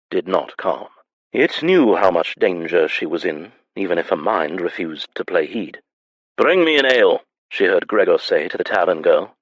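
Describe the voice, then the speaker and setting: Low husky male narrator. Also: no room sound, dull audio. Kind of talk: scripted audiobook narration.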